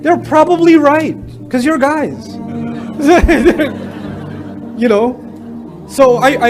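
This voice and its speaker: A middle-aged man giving a lively sermon to young people, acting out family quotes in a higher voice. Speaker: Islamic speaker. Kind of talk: lively sermon talk to youth. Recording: lecture with music underneath.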